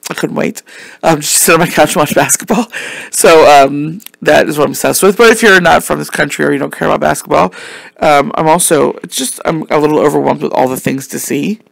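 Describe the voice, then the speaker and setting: Man, podcast host, gravelly fried voice, slightly higher pitch, dry close sound, going hoarse. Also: fairly quick, a bit bright, dry recording. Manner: rambling, chatty, many ums, casual swearing. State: losing his voice, coughing. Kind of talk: casual solo podcast chat.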